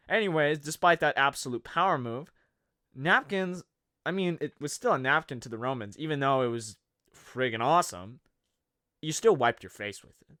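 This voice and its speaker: A man's voice: mid-range voice, moderate pace, sharp tone, dry recording, clean studio sound. A man narrating a comedy history video in a sarcastic, jokey way, wandering off into rambling asides. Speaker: video host.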